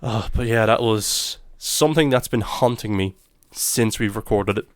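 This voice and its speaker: A young man co-hosting a podcast, telling stories in a lively, animated way and swearing a lot. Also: fairly low pitch, moderate pace, no echo, studio quality. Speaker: podcast co-host. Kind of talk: casual chat.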